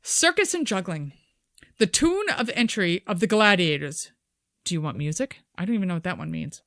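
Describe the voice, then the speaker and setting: A woman's voice: fairly low pitch, normal speed, no room sound, clean studio sound. A woman co-hosting a podcast, chatting casually and reading excerpts aloud with wry, swearing mockery. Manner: wry, animated, swears freely and mocks the quotes. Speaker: podcast co-host.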